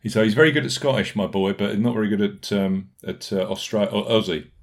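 A man hosting a casual podcast in a fairly low voice. He talks briskly and jokes with his co-host, moving quickly through notes and listener reviews. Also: fairly even intonation. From United Kingdom.

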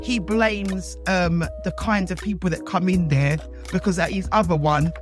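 A woman's voice: on the low side, a little fast, few pauses, faint music behind. A woman with a London accent co-hosting a podcast in casual chat, full of exclamations like "boy". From England. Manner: exclamatory, calls people girl and boy. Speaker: podcast co-host.

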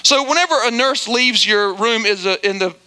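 A man's voice: high-pitched, moderate pace, bright, forceful tone, smooth. A middle-aged man preaching a sermon, telling comic stories with chatty, self-deprecating asides. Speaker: pastor.

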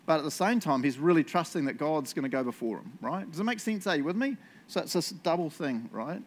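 A man's voice: a little high, expressive, brisk. A male pastor giving a casual, conversational sermon and prayer, self-deprecating and often ending lines with "eh?" or "right?". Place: church.

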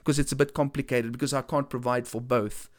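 A man's voice: mid-range voice, steady tone, a little fast, pitched below the performer's own voice, natural voice. A man doing a troubled migrant worker.

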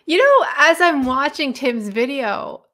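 A woman's voice: high voice, sing-song, unhurried, fairly bright tone. A woman co-hosting a podcast in casual chat, supportive and adding short remarks. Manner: supportive, brief interjections. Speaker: podcast co-host.

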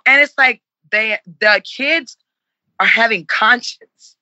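Woman in her 40s, bright tense voice, impassioned and earnest, dull lo-fi dry sound. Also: a little high, slow, no echo. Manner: earnest, impassioned, repeats herself for emphasis. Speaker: interviewee. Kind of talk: heartfelt conversational interview.

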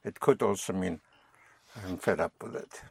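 A man's voice: low-pitched, normal speed, gravelly, slightly rough, dry recording. A man teaching a language lesson, patiently prompting and repeating phrases.

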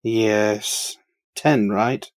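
A man playing in a tabletop game, speaking gently and with amusement. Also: fairly low pitch, fairly even intonation, extremely slow. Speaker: player. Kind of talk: casual tabletop play.

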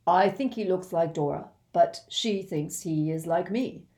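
A woman voicing a gentle, worn-out middle-aged wizard man in a storybook reading, earnest and exclaiming. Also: fairly low pitch, measured pace, lightly acted. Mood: overjoyed.

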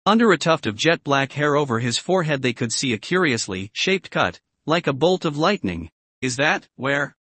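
A man reading a storybook aloud in a steady, expressive way, his voice sitting somewhat high for a man. The recording is dry and close, with no sense of a room. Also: a little fast, hardly any pauses, dry recording. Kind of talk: audiobook-style story reading.

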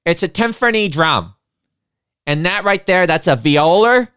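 A woman voicing a big, gruff man with a thick Boston accent who calls out bluntly and loudly. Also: on the low side, animated, unhurried, pitched above the performer's own voice.

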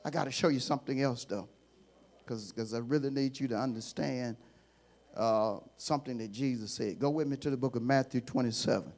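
A man, a bishop, preaching a sermon in a fiery call-and-response style that swings from hushed asides to shouting. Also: mid-range voice, brisk.

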